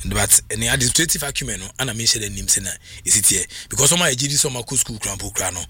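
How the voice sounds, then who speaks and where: A man giving animated, excitable sports commentary as a radio host, switching between languages and laughing often. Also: mid-range voice, fast, breathy edge.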